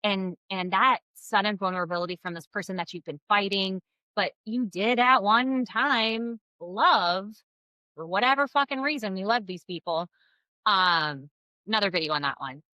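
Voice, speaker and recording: A woman giving blunt, expressive co-parenting advice straight to her viewers, swearing freely. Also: medium pitch, moderate pace, dry recording, poor audio. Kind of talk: casual advice to camera.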